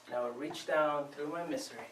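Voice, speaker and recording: A man from Venezuela giving a prepared contest speech to a live audience, telling his story with expressive, dramatic pauses. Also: on the high side. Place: club meeting room before a live audience. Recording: echoey room, distant mic, faint noise.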